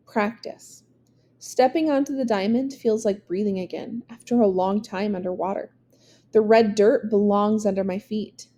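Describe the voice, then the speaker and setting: A woman reads a verse novel aloud to an audience in a warm, mellow, mid-range voice. Her delivery is measured and expressive.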